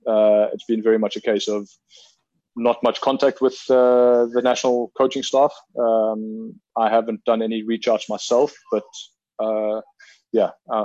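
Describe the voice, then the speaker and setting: A South African man in his thirties answers interview questions in a low, fairly flat voice, pausing often with ums and restarting his sentences. The sound is dry and dull, like a lo-fi remote call. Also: no echo. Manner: measured, reflective, many ums and restarts. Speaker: field hockey player, interview guest. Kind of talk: casual interview conversation.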